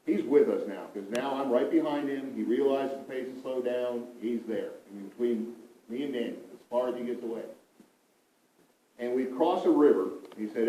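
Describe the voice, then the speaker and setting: A man recounting a mission trip story to a group, with animated, emphatic storytelling that often repeats itself. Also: medium pitch, normal speed. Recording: roomy, from a distance.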